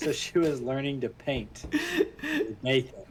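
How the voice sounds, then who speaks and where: A man co-hosting a podcast recaps a movie in casual chat, animated and laughing as he acts out scenes. His voice is medium-pitched and a little slow, with slight background noise.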